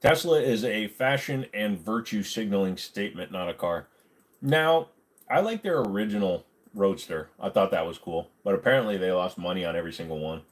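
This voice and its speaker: A man with a fairly low voice hosts a casual livestream. He reads viewer comments aloud and answers them bluntly and sarcastically, swearing freely as he goes. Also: lively intonation, normal speed. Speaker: livestream host.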